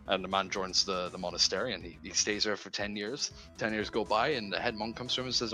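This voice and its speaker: A young man chats casually on a game stream, his fairly low voice carrying a bright, forceful edge. He tells rambling jokes, tripping over his words and swearing as he goes. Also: steady tone, brisk, few pauses, faint music behind. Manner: rambling joke-telling with stumbles and swearing.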